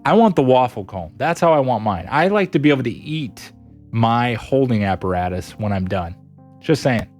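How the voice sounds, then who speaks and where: This young adult streamer has a medium-pitched voice and talks at a normal speed, with faint music underneath. He reads viewer messages in a casual chat, giggly and animated, laughing frequently.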